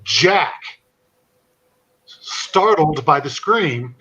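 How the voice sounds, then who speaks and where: A man's voice: a little high, unhurried, slightly rough, highs cut off. A man telling a long funny anecdote in a casual chat, often breaking into laughter as he recounts it. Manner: animated anecdote teller, laughing through his story. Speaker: podcast host. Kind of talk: casual storytelling.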